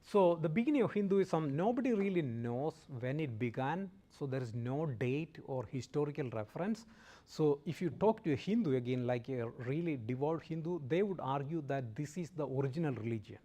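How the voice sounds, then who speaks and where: A man's voice: on the high side, lively intonation, moderate pace, mellow. A man lecturing a student group in a conversational way, often checking in with "okay?" and joking lightly with the audience. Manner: checks in with listeners, frequent "okay?". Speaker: guest lecturer.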